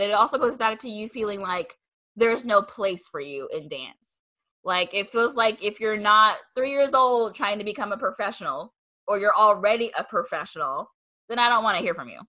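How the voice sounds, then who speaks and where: A woman's voice: medium pitch, animated, moderate pace, sharp tone. A young woman hosting a podcast, chatting casually with many "like" fillers and acting out what people said to her. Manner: chatty, lots of "like" fillers, acts out quoted replies. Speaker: podcast host.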